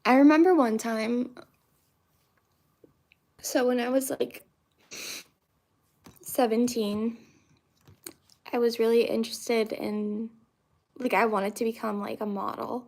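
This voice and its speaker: This young woman, a Central Florida vlogger, has a fairly high, steady, creaky voice with a little mellowness. She takes it slowly with long pauses, rambling casually to her viewers on camera with lots of fillers and restarts.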